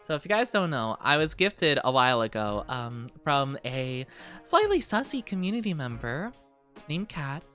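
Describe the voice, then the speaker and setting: A woman's voice: deep voice, big pitch swings, moderate pace, a bit bright, soft background music. A woman streamer chatting casually with her live chat, giggling often and trailing off with fillers.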